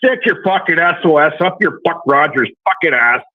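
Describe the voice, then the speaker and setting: A man's voice: fairly high pitch, lively intonation, brisk. A male caller with a Southern US accent, ranting brashly and cursing constantly. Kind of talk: profane call-in rant. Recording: tinny phone line.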